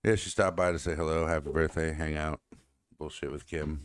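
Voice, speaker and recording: A man's voice: very deep voice, steady tone, fairly quick, clean tone. A man co-hosting a casual talk show, rambling with laughs and swearing as he tells stories. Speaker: podcast co-host. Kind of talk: casual chat.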